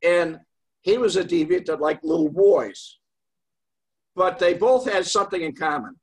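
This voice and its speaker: An older man with a husky, fairly high voice tells a story to his host in a loose, rambling way. He pauses often and fills the gaps with fillers. The telling is casual and unhurried. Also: animated. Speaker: guest.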